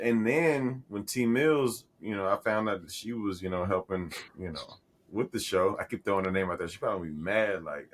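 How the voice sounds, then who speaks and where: Speaking briskly and animatedly in a lowish voice, a man co-hosts a podcast. His talk is casual and full of profanity, and his stories ramble, with sentences frequently begun again.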